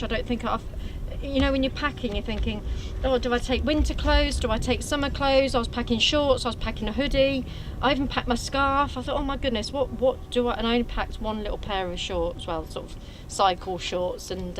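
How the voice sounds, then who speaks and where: A woman's voice: fairly high pitch, background noise. Giggly, polite woman. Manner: friendly and giggly, speaks politely and nicely. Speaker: live stream host. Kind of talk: chatty live stream. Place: outdoors at an airfield.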